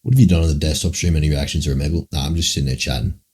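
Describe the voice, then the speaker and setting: A man with a very deep, dark voice and a husky edge answers chat questions on a casual livestream. He rambles and muses, swearing freely as he thinks aloud. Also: steady tone, rapid-fire. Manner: rambling, musing, frequent swearing.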